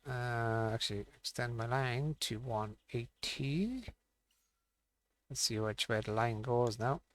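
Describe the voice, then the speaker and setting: Streaming a fishing game, a man offers relaxed commentary, muttering and reasoning out loud as he plays. He speaks slowly in a mid-range voice with a fairly bright tone.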